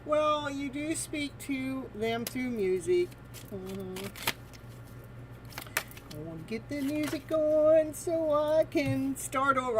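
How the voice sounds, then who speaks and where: A woman's voice: high voice, slow, background noise. A woman giving a live tarot reading in a playful, teasing way, laughing often between her messages. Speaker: tarot reader.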